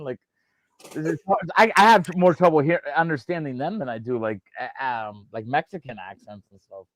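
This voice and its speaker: A man's voice: medium pitch, lively intonation, a little fast, no room sound. A middle-aged man from Pittsburgh with a Pittsburgh accent, joking in casual podcast chat. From Pittsburgh, USA. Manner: joking, laid-back, says "man" a lot. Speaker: podcast co-host.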